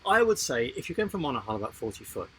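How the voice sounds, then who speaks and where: A man co-hosting a casual live-stream chat about sailing, animated and jokey, reading out viewer comments. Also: mid-range voice, quick pace, slightly rough, low-quality recording. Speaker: sailing channel co-host.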